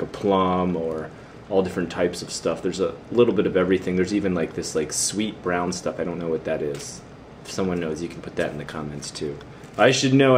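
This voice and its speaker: A man's voice: fairly low pitch, a little hiss or hum. An American man giving a casual video lesson, chatty and teasing as he quizzes the viewer. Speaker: vlogger teaching about Japan.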